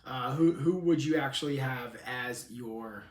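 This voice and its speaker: A man co-hosting a podcast, casually steering a football chat with questions, relaxed and easygoing. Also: medium pitch, unhurried, echoey room. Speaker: podcast co-host.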